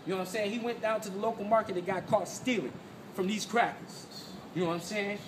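A man with a high voice delivers an emphatic, profane street rant as host, talking fast over a noisy background. His intonation stays fairly even, and he keeps repeating himself and checking in with listeners through "you know what I'm saying."

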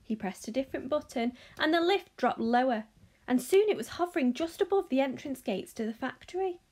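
Woman reading a chapter book aloud, high, lively, expressive storyteller. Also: brisk. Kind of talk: reading a children's novel aloud.

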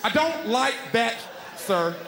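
High-pitched male stand-up comic, exasperated rant, noisy hall. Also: animated, takes it slowly, vocal fry, a loud crowd. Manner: ranting, exasperated, punchy. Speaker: stand-up comedian. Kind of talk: stand-up routine. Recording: live hall with noise.

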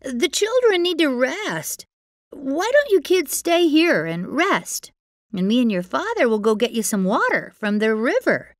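A cruel storybook stepmother, put on by a woman reading aloud. She snaps and bosses in a raised, sharp voice, then sinks low when she plots. Her pitch leaps around, and her speech stays slow. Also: huge pitch swings, dry recording, clean studio sound, heavily acted. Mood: falsely sweet. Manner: harsh and bossy, low scheming tones when plotting.

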